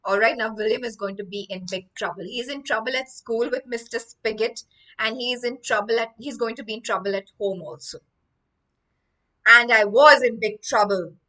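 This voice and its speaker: Bright-voiced woman teaching English. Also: on the high side, normal speed, recorded from a distance, low-quality recording. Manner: explains each phrase after reading it. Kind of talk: storytelling vocabulary lesson.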